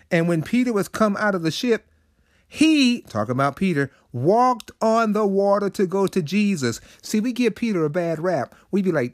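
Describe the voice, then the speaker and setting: High-voiced man giving a lively sermon. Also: moderate pace, dry recording, clean studio sound. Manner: conversational preaching with sudden rises and drops. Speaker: inspirational segment host. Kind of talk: short devotional sermon.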